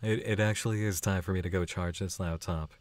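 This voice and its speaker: A man's voice: low voice, fairly even intonation, fairly quick, no room sound. A man hosting a live stream who reads viewer chats aloud and answers in a chatty, affectionate way, laughing often. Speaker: channel host.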